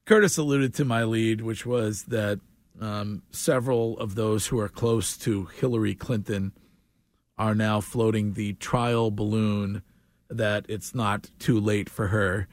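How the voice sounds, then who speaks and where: A man's voice: on the low side, no room sound, clean studio sound. A man hosting a sports radio talk show, bantering casually and laughing often. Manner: animated, quick to laugh.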